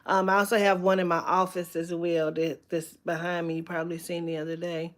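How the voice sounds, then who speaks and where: A woman's voice: lowish voice, flat delivery, a little fast. A woman chatting on a live stream from home, rambling and candid, swearing freely with lots of fillers. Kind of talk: casual live-stream chat.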